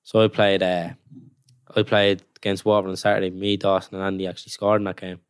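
Young male footballer, low voice, dry close sound, loose rambling chat. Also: level tone, fast talker, clear, resonant tone, dry recording. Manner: rambling storytelling with many "like"s. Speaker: professional footballer. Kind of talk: casual podcast chat.

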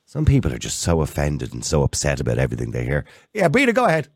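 An Irish man in his sixties hosts a radio phone-in with a low voice and a lively, swinging delivery. He talks fast and bluntly, cutting in with his opinions, and the sound is dry and close. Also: creaky, husky, no room sound. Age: 60s. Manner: blunt, opinionated, quick to jump in. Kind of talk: casual radio phone-in chat.

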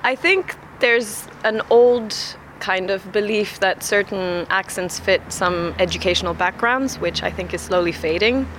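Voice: mid-range voice, a little slow, few pauses, a bit bright, a little hiss or hum. A speaker who grew up in Singapore answers a street interview outdoors, reflective and searching for words. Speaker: passer-by interviewee.

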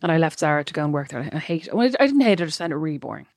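A chatty Irish woman on a podcast, racing through her stories at a quick clip. Her voice sits fairly low, and the recording is dry and close, with no room sound. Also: very animated, darkish tone, no echo. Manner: chatty, rambling anecdotal storytelling. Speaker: podcast co-host. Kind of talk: casual chat.

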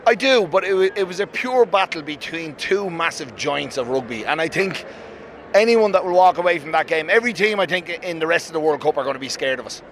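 A quick, emphatic middle-aged man with a Dublin Irish accent, speaking in a slightly raised voice. He is a rugby fan being interviewed outdoors on a busy city street, and his talk comes in rapid bursts. Traffic and street sounds are heard behind him. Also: fairly high pitch. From Ireland. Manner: excited, emphatic, quick-talking. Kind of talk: street vox-pop interview.

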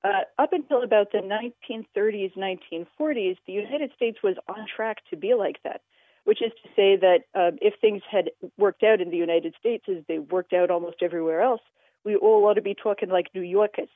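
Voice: medium pitch, brisk, no room sound. An interview guest explaining language history in a radio interview, talking with many filler sounds. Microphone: telephone. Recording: tinny phone line, dry.

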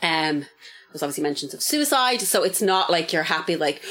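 A woman's voice: deep voice, lively intonation, moderate pace, fairly bright tone. A young adult woman, co-hosting a casual podcast chat, telling stories animatedly and swearing freely. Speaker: podcast co-host.

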